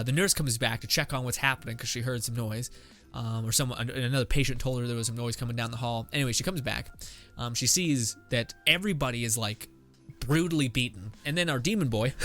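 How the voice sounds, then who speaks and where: A man's voice: medium pitch, pushed and bright. A man hosting a podcast, working out a story on the spot, rambling and thinking aloud with lots of fillers and swearing. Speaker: podcast host. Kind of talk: improvised story brainstorming. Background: faint background music.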